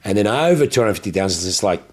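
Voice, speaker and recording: A man's voice: lowish voice, lively intonation, fast, a little mellow. A man with an Australian accent, a car dealer telling blunt, profane anecdotes in casual chat.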